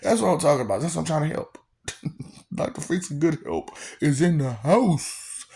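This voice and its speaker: A man's voice: a little high, very animated, moderate pace, vocal fry, mellow. A man giving a rambling, mocking rant to his audience, laughing often between lines and repeating phrases. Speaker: vlogger.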